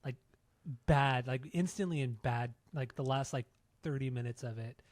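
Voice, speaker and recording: A man's voice: mid-range voice, moderate pace, crowd noise. A man co-hosting a podcast, telling stories in loose, profane casual chat and laughing often. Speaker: podcast co-host.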